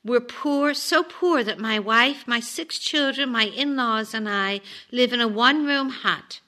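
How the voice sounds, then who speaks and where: A woman's voice: a little high, measured pace, sharp tone. A woman voicing a desperate poor village man who pleads and laments as she reads a story aloud. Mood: lamenting.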